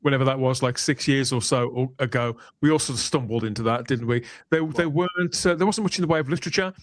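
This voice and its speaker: A man's voice: medium pitch, fast, no room sound. A man hosting a casual podcast, leading the talk in a jovial, chatty way. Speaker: podcast host.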